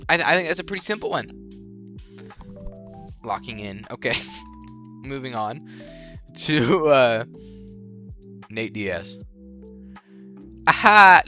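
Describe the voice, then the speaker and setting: Rambling young man with a bright voice. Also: fairly high pitch. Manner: rambling, slangy, swears freely, laughs at his own jokes. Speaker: channel host. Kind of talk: casual tier-list commentary.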